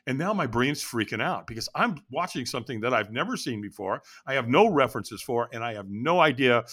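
Animated storytelling man, bright voice. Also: medium pitch. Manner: animated, dramatic retelling. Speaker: guest. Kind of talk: personal storytelling in an interview.

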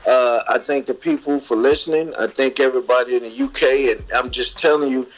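An American musician calls in as a guest, his mid-range voice fairly even in intonation and a little fast on a low-quality recording. Laid-back and thankful, he chats casually and often tags his sentences with "man."

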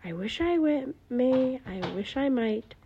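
Lady doing a sweet little animal girl, high, slow and breathy, kind and hopeful. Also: animated, dark tone, lo-fi sound, a little hiss or hum. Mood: eager.

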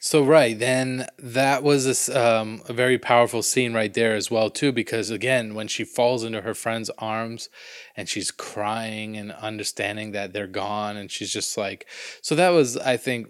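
A man's voice: on the low side, steady tone, moderate pace, smooth. A man co-hosting a casual movie podcast, laid-back and joking, often agreeing with his co-host. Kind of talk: casual movie recap chat.

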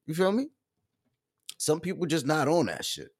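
A man's voice: on the high side, big pitch swings, normal speed, husky. A man talks straight to his audience in a loose, emphatic storytelling rant. His voice carries passion and conviction. His speech is full of slang and casual fillers. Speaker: show host.

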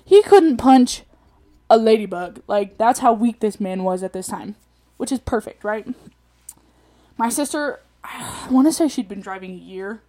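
A woman's voice: mid-range voice, moderate pace, warm tone. Chatty young woman venting with laughs. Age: young adult. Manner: chatty, laughs often, vents animatedly. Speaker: podcast host. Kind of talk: casual storytelling monologue.

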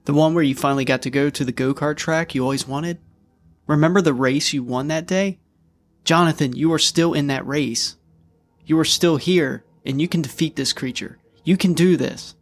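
A man's voice: fairly high pitch, normal speed, faint music behind, lightly acted. A man voicing a brave little girl in a storybook reading, coaxing and urgent. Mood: pleading.

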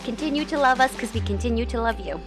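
A woman co-hosting a radio show, with a slightly high voice. She giggles often and speaks earnestly and warmly to the listeners. Faint music plays behind her. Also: quick pace. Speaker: radio co-host. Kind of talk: casual radio banter.

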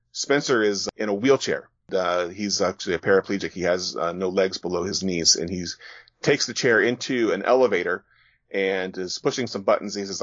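Man casually narrating, low voice. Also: moderate pace, dry recording. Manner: relaxed storytelling with fillers and restarts. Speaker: guest author. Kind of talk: casual reading of a comic chapter. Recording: dull, dry sound.

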